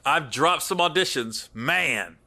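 A man's voice: fairly high pitch, animated, takes it slowly, pushed and bright. A man hosting a comedy podcast, joking, swearing and laughing a lot in casual chat.

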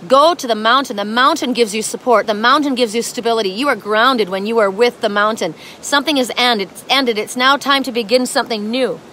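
A woman's voice: fairly high pitch, a little fast, hardly any pauses, sharp tone, a little hiss or hum. A woman giving a spiritual oracle card reading in a dramatic, emphatic way, with casual swearing.

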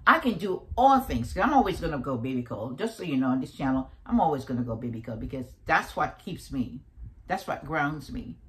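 A woman in her fifties with a deep voice, giving a preachy, animated motivational talk grounded in faith and repeating affirmations. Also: brisk, poor audio. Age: 50s. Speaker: motivational vlogger.

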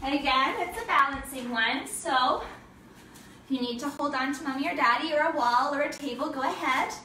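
A woman's voice: high-pitched, moderate pace, pushed and bright, echoey room, distant mic, a little hiss or hum. A woman teaching a family yoga class for children, giving cheerful, encouraging instructions and making animal sounds.

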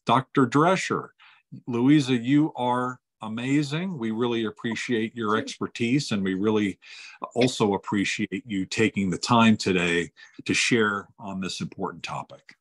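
A man's voice: fairly low pitch, a little slow. A man hosting a webinar, introducing the guest speaker in a rambling, enthusiastic way. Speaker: webinar host.

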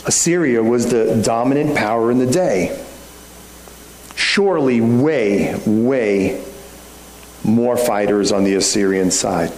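A man's voice: mid-range voice, slow, darkish tone. Man preaching in an echoey sanctuary. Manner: conversational preaching with rhetorical questions. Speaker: pastor. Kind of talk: sermon. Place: church sanctuary. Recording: echoey room, faint background hum.

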